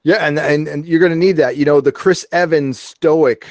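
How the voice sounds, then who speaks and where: A man's voice: fairly high pitch, moderate pace, no room sound, studio quality. Earnest rambling man, podcast guest. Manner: earnest, rambling, many fillers. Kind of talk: casual opinion chat.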